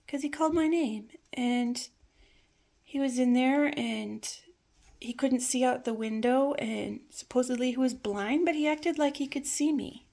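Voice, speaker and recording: A woman telling a personal family memory in a reflective, hesitant way, sometimes dropping to a soft near-whisper. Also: on the high side, vocal fry. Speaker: storyteller.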